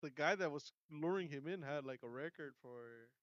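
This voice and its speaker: Casting: relaxed man co-host, somewhat high, smooth voice, slangy bilingual banter, dull dry recording. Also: normal speed, dry recording. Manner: laid-back, slangy, mixes in Spanish. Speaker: podcast co-host. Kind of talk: casual chat.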